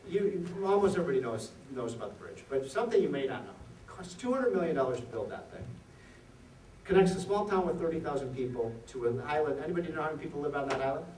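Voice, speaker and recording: Male keynote speaker, slightly high voice, lively anecdotes, recorded from afar in a roomy hall. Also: fast, slight background noise. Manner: animated storyteller, rhetorical questions to the audience. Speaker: economist giving a dinner speech. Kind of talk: after-dinner policy speech with jokes. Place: event hall at a reception. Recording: echoey hall from far off.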